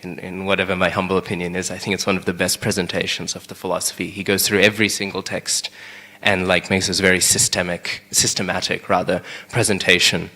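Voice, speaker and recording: Young guy doing a scripture class, low voice, keeps saying right?, long echo off the hall. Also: level tone, fairly quick, pushed and bright. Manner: conversational, keeps asking "right?". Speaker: class speaker. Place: temple hall.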